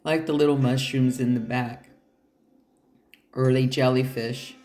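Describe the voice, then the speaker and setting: Slow, blunt, cursing tarot reader in an echoey room. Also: mid-range voice, steady tone, a little mellow, soft background music. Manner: blunt, emphatic and profane; encouraging, addresses the listener directly. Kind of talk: pick-a-pile tarot reading. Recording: roomy echo.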